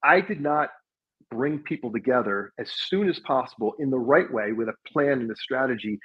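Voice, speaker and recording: A man with a husky, slightly breathy voice talks through his sales career in a relaxed, reflective way. His audio sounds dull and lo-fi, as if it were recorded on a remote call. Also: mid-range voice. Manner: reflective, laughs while telling stories. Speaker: podcast guest, sales leader. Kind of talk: casual conversational storytelling.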